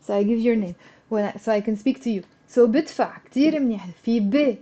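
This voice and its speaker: A woman teaching a live online language lesson, slowing down and repeating words so her students can follow, then coaxing them to answer. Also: fairly high pitch, mellow, muffled recording. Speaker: Arabic teacher.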